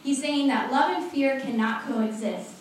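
A young woman delivers a relaxed, lively sermon full of chatty asides and frequent laughter. Her voice sits a little high and comes from some distance away, through the booming echo of a large hall. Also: unhurried. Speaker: preacher. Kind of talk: casual sermon. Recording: echoey hall, voice from far off.

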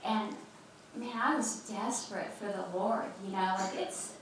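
An older woman from Texas with a Texas accent, preaching a lively, conversational sermon with laughs and asides as a former campus chaplain. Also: mid-range voice, measured pace. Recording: echoey hall from a distance, faint noise.

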